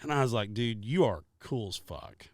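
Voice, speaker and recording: A man's voice: mid-range voice, normal speed, no echo, studio quality. Profane man telling a wild story. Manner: profane, animated storyteller acting out quotes. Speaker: podcast co-host. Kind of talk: casual storytelling.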